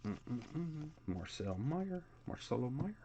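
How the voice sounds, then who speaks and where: A man's voice: medium pitch, measured pace, darkish tone, slight background noise. A man hosting a live sports card break, calling out player names in a casual, chatty way.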